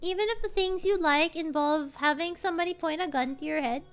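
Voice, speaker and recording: A woman streamer chatting casually while she plays, rambling and correcting herself, with sudden excitable outbursts. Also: extremely high pitch, brisk, faint music behind. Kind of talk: casual gameplay stream chat.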